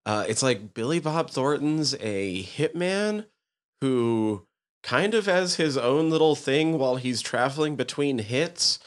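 A man's voice: medium pitch, lively intonation, measured pace. A man co-hosting a podcast in casual chat, rambling with enthusiasm and many fillers as he recommends a show. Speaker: podcast co-host.

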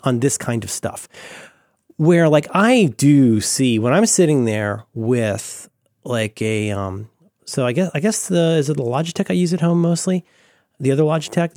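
A man chatting casually about tech as a podcast co-host, excitable and rambling with many restarts. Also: fairly high pitch, no room sound, studio quality.

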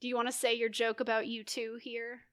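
A woman's voice: a little high, monotone, a little fast, fairly bright tone, dry recording, clean studio sound. A woman hosting a podcast in casual chat, speaking loosely with many fillers and an easy laugh. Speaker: podcast host.

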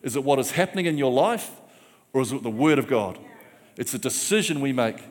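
A man's voice: mid-range voice, expressive, brisk. A man preaching a sermon, rousing the congregation with repeated call-and-response phrases. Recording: long church hall reverb.

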